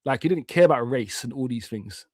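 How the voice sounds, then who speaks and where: A man's voice: mid-range voice, animated, brisk, dry recording. A man, hosting a live watch-along stream in a heated, slang-filled rant that often swears. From Jamaica. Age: 50s.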